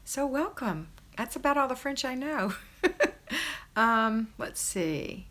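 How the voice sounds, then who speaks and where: A woman's voice: fairly high pitch, expressive, measured pace. A middle-aged woman hosting a homemaking live stream from a house, reading viewer comments and cheering them on. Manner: warm, encouraging, cheerleading. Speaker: host of a homemaking livestream. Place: her parents' house, indoors.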